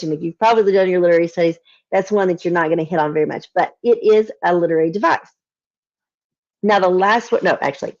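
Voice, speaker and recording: A woman with a Southern American accent, teaching a poetry lesson online, explaining patiently and reading verses slowly. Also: on the low side, gravelly, a little mellow, highs cut off. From Southern United States. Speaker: literature teacher. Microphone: video call.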